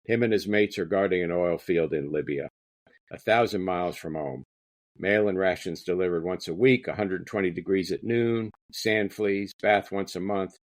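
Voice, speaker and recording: A man's voice: sits low, normal speed, no room sound, natural voice. A man reading aloud the words of a modest, self-deprecating wartime touring entertainer in his own plain voice, earnest and conversational. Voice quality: plain voice, no accent attempted.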